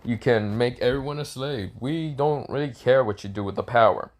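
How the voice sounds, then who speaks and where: A man's voice: medium pitch, normal speed, natural voice. A man voicing a chorus of mighty male gods who speak grandly and carelessly to a child in a fan-made story. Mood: amused.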